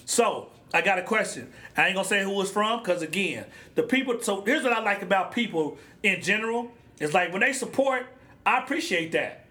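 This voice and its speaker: High, bright-voiced man ranting on a podcast. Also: brisk. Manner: animated, blunt, slangy, ranting. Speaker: podcast host. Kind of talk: casual solo podcast rant. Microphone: podcast microphone.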